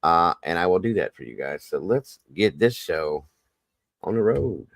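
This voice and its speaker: A man's voice: deep voice, expressive, normal speed, gravelly. A man with a Southern US accent hosting a casual livestream chat, folksy, repetitive and upbeat. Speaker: host.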